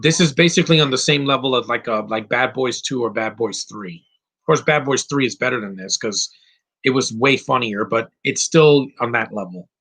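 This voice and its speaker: A man's voice: medium pitch, moderate pace, fairly bright tone. A man giving casual live commentary over a film, opinionated and rambling, with frequent fillers and restarts. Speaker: movie commentary host.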